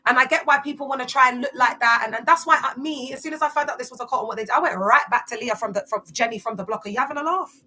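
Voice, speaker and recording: Woman, London accent, young adult, casual vlog, street slang, rhetorical questions, sharp bright tone. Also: fairly high pitch, racing, few pauses. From West London. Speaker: commentator on church cults.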